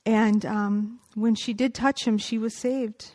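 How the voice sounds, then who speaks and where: A woman's voice: a little high, fairly even intonation, slow pace, a little mellow. A woman giving a personal faith testimony, earnest and reflective, partly reading aloud and quoting scripture.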